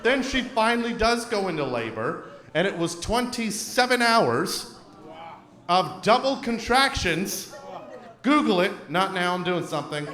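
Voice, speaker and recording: Animated Canadian comic with a lively voice. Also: male voice, sits high, a little slow. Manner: animated, acts out shouting characters. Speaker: stand-up comedian. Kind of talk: stand-up comedy set. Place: theater stage before a live audience. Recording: roomy venue with loud crowd laughter.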